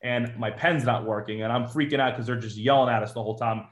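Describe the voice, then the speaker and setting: Man, from Georgia, interview guest, former Marine, rapid casual storytelling, acts out quotes, lots of fillers. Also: medium pitch, fairly even intonation. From Georgia, USA.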